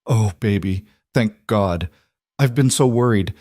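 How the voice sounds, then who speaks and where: A man voicing a worried middle-aged mother, raising his pitch noticeably into a pleading delivery in a dry, close recording. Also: measured pace, darkish tone, no echo, lightly acted. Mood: tearful.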